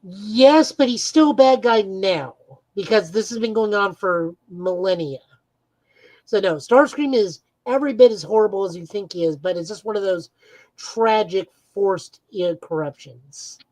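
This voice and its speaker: A woman's voice: medium pitch, lively intonation, normal speed, darkish tone, no echo, rough recording. A woman co-hosting a podcast, eagerly recapping comic book plots in a casual chat with frequent "uh"s. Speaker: podcast co-host.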